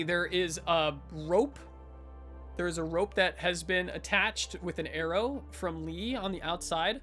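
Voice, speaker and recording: A man narrates a tabletop game as game master in a high, bright voice. He rambles, filling pauses and correcting himself as he goes. Faint music sits behind him. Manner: rambling, filler-heavy, self-correcting.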